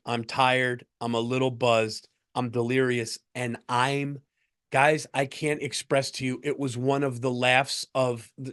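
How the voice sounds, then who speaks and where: Middle-aged male comic host, mid pitch, animated storyteller who laughs at his own tale. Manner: animated, breaks into laughter, lots of restarts. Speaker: comedian podcast host. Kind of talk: comedic storytelling monologue.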